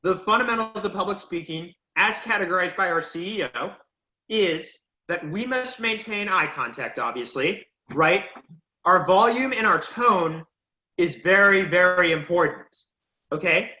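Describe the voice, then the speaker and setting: High, bright-voiced male speech teacher. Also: animated, measured pace. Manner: encouraging, emphatic, asks the class questions. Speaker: public speaking teacher. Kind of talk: online class feedback and recap. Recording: lo-fi echoey room audio.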